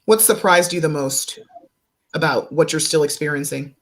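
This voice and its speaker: A woman's voice: deep voice, moderate pace. A woman doctor hosting a panel discussion, explaining symptoms earnestly to her guests and viewers. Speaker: doctor and host. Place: studio stage with guests.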